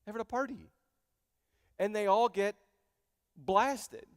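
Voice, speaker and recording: High-voiced male pastor preaching. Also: a little slow, smooth, no echo, studio quality, in a large hall. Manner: animated, joking, addresses the congregation directly. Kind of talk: sermon. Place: church sanctuary.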